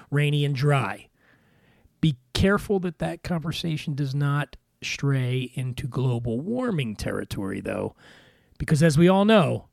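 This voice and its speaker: A man's voice: creaky, no echo. Wry man with a dry close sound. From Philadelphia. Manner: wry, deadpan comic delivery with jumps in pitch. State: a little weary. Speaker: podcast host. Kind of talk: scripted comedic monologue.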